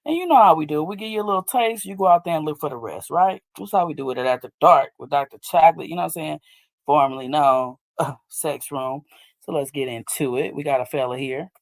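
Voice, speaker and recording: Brief: woman host in casual chat, lively swings up into a high voice, recorded dry and close. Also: a little fast, creaky, no echo. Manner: animated, swooping up high when excited. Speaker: podcast host. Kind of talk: casual chat reacting to clips.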